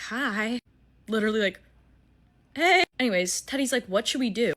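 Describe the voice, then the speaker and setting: A woman in her twenties tells a dating story in a casual rush, cursing freely and laughing at her own mistakes. Her voice is bright and forceful. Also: on the high side, normal speed. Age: 20s. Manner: animated, swearing, self-mocking.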